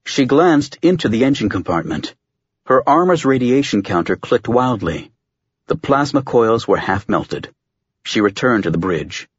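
Husky-voiced male audiobook narrator. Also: mid-range voice, sing-song, dry recording, muffled recording. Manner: measured, dramatic storytelling. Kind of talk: scripted narration.

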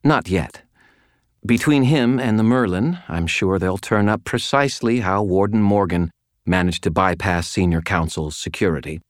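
A man's voice: sits low, normal speed, dry recording, clean studio sound, pitched above the performer's own voice, natural voice. A man voicing a fussy, reedy little wizard clerk who speaks with prim, polite disapproval.

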